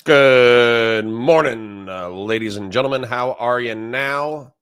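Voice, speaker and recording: A man's voice: mid-range voice, moderate pace, fairly bright tone, smooth, no room sound, clean studio sound. A man hosting a casual live stream, talking bluntly and mockingly with lots of fillers. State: grumpy. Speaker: political commentary streamer.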